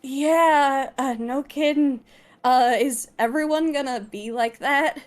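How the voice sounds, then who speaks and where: A woman's voice: high voice, takes it slowly. A woman playing an awkward young commoner woman who stammers in a flustered but friendly way.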